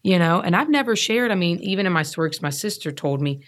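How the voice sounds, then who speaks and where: A woman's voice: lowish voice, lively intonation, quick pace. A woman in her thirties, a guest telling her recovery story in an earnest, emphatic way, often repeating herself to stress a point. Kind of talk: candid personal storytelling.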